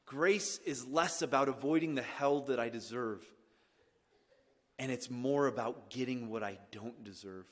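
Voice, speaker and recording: A man's voice: mid-range voice, a little slow. Dynamic male preacher in a reverberant hall. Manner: dynamic preaching that swings from hushed to loud and emphatic. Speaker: pastor. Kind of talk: sermon. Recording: long reverb of a church hall.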